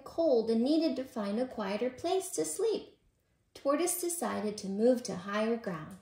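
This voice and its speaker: A woman who teaches preschool, reading a children's bedtime story aloud in a gentle, expressive way. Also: fairly high pitch, a little slow. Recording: roomy echo.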